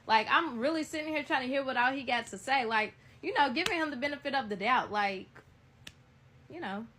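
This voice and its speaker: A young woman telling a story in a casual, blunt, animated way, talking straight to her viewers. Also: high voice, a little fast, a little hiss or hum.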